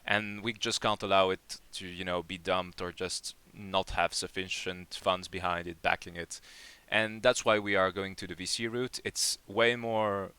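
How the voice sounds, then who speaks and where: Man, low voice, bright and clear tone, rambling casual Q&A host, many fillers. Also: fairly even intonation, a little slow, hardly any pauses, no echo. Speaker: project lead hosting a community AMA. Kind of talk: casual live Q&A chat.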